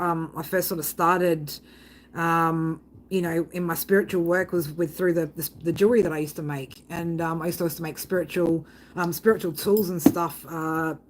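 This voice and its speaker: Blunt, rambling woman. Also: fairly low pitch. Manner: rambling, blunt, swears freely, frequent "right?". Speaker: psychic tarot reader. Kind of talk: casual storytelling to viewers.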